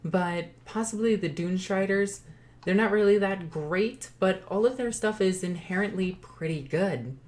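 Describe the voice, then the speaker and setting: A woman's voice: medium pitch, a little slow, darkish tone. A woman hosting her own channel in casual hobby commentary, chatty and joking, often stopping to correct her own slips. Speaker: YouTube host.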